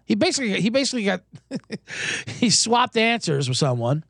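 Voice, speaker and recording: A man hosting a sports betting podcast, telling a casino story and giving picks in a profane, animated way with shouted crowd chants. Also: high-pitched, moderate pace, gravelly, no echo, studio quality.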